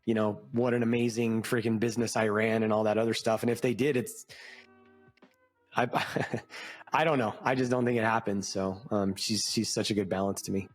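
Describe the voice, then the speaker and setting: Podcast co-host, middle-aged man, low pitch, loose and reflective, casual swearing. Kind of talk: casual chat.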